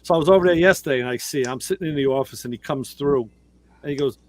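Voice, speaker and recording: A man, co-hosting a casual show, telling lively stories and acting out other people's voices. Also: rapid-fire. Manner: animated, acts out others' voices in a high pitch. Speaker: podcast co-host. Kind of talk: casual storytelling chat.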